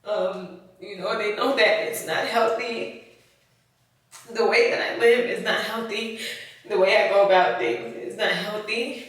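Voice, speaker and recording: Slow, halting woman in an echoey room. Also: mid-range voice, fairly even intonation. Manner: halting, emotional, with sighs and fillers. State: tight throat, holding back emotion. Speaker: YouTuber. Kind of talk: confessional vlog talk. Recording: very echoey room, voice far from mic.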